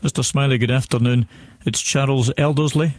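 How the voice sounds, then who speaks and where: A man making a prank call as a lawyer, speaking in a stiff, formal, deliberate way. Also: medium pitch, steady tone, darkish tone, no room sound. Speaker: prank caller posing as a lawyer.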